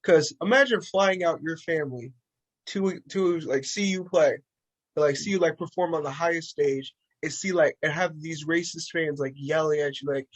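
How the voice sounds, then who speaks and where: A man co-hosting a casual podcast chat, animated and acting out quotes in a raised voice. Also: fairly high pitch, moderate pace, poor audio. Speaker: podcast co-host.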